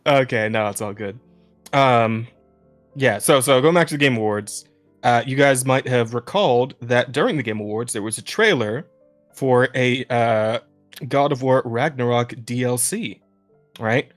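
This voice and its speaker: Young male podcast co-host, mid pitch, loose and profane, talks in circles, laughs easily, faint music behind. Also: a little slow. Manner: rambling, profane, laughs often, many restarts. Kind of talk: casual chat.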